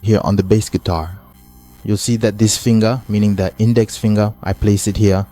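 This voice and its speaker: Male bass instructor, warm and low-pitched, calm repetitive walkthrough. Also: moderate pace. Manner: repetitive, patient step-by-step explaining. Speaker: bass guitar teacher. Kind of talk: hands-on instrument lesson.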